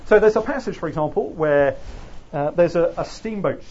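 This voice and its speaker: A man's voice: a little high, moderate pace, darkish tone. Hesitant male lecturer, slightly muffled. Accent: Oxford English. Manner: hesitant, frequent fillers. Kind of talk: classroom lecture.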